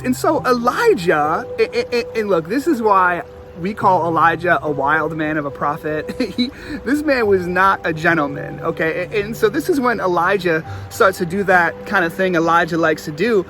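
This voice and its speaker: A male pastor delivers an online sermon, retelling a story with animated energy and playful jokes. His voice sits high for a man. Music plays quietly behind him. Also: moderate pace.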